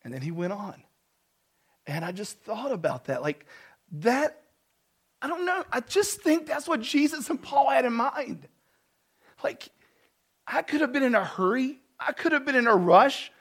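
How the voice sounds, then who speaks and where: A man preaching a sermon as a pastor, telling a personal story in a conversational way with self-deprecating humor, dropping to a soft voice for tender moments. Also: very high-pitched, sing-song, unhurried, pauses often.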